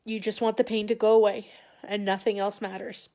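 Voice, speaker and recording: A woman talks to camera in a personal, confessional vlog. Her voice sits at a middle pitch, and she sounds emotional and close to tears. She speaks haltingly, often restarting her sentences and pausing for long stretches. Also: flat delivery, dark tone. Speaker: vlogger sharing a personal story.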